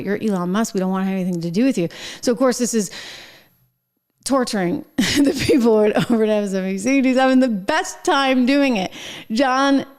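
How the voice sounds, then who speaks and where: A middle-aged woman hosts her own show, offering chatty political commentary with wry asides and frequent laughter. Her voice is medium in pitch and a little mellow.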